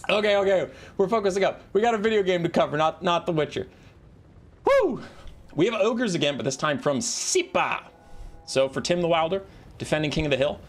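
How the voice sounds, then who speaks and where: A man casting a strategy game in a lively, animated voice that leaps around in pitch. He sits a little higher than most men. He talks casually and breaks into exasperated rants. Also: slight background noise. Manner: animated, ranting, exasperated outbursts. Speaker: game caster.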